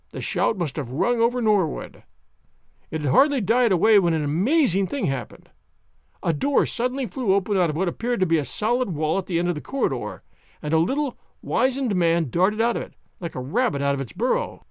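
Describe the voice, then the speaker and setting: A man narrating a classic story as an audiobook, in a measured, expressive way. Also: high-pitched, no echo, studio quality.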